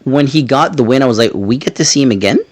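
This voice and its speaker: Male podcast host, mid pitch, animated storyteller, casual and a bit crude. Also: quick pace. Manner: animated storytelling, swears freely. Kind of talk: casual chat.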